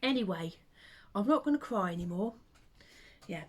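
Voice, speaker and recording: A woman chatting casually to camera at home, rambling with hesitant ums and soft under-breath asides. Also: a little high, animated, fairly quick. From United Kingdom. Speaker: vlogger and full-time teddy bear maker.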